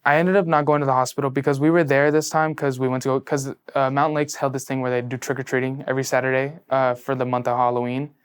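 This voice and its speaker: Recent high school grad, male, medium-pitched clear voice, telling his own story with earnest ups and downs. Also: fast, hardly any pauses. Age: late teens. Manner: earnest storytelling, heavy use of "like", shifting between hushed and excited. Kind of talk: personal testimony in a sit-down interview.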